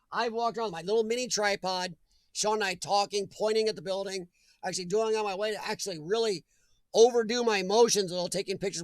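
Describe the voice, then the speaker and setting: A man's voice: high voice, no room sound. A man hosting a live chat stream, chatting casually and jokingly with viewers and reading their comments aloud, laughing often.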